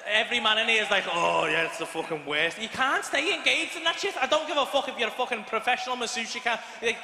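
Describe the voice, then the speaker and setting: A man's voice: very high-pitched, quick pace, sharp tone. A man with a Liverpool accent performing crude, rowdy live stand-up comedy in a large arena. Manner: crude, rowdy, swearing storyteller. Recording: echoey arena with audience noise.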